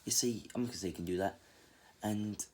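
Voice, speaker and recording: A man's voice: on the low side, quick pace, darkish tone, slight background noise. A man casually retelling a fan story, rambling and full of fillers and restarts.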